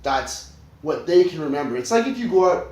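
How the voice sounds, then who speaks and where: A man's voice: on the high side, big pitch swings, fairly quick, a little mellow. A man co-hosting a podcast who gives blunt, sarcastic, profane opinions in casual chat. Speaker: podcast co-host. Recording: echoey room with faint ambience.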